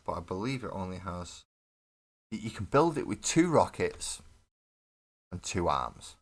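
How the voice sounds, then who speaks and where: A man with a deep, very animated voice talks at an unhurried pace as he puts together a miniature model on a live stream. He rambles casually, mocks himself and swears freely, recorded through a desk webcam setup.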